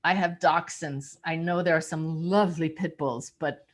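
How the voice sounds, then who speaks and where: A woman working as a psychic medium, telling a story in an animated, lively way to a group of listeners. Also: normal speed. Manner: animated, lively storyteller with big pitch jumps. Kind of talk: storytelling talk.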